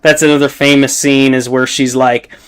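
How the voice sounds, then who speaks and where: A man's voice: mid-range voice, flat delivery, normal speed, fairly bright tone, clean tone. A man chatting casually on a livestream while painting, rambling and swearing freely as he reacts to his chat.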